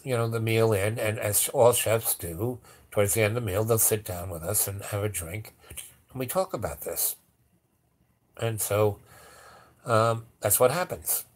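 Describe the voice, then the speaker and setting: Rambling male storyteller. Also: lowish voice. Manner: rambling, many fillers and restarts, acts out dialogue. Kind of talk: casual spoken storytelling.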